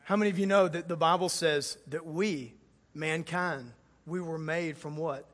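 A male pastor with a high, bright, ringing voice preaches to a live congregation. He jokes with the crowd and voices the people in his story in a playful way. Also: fairly even intonation, normal speed. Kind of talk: lively sermon.

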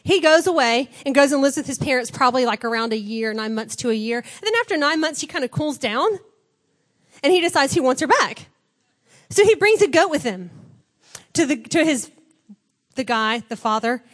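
Woman preacher, high voice, chatty animated storytelling, casual sermon vibe. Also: moderate pace. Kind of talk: conversational sermon.

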